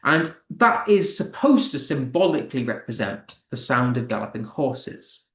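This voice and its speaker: A man's voice: mid-range voice, big pitch swings, moderate pace. Man teaching an online class, echoey room. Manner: reads chat answers aloud, thinking out loud with fillers.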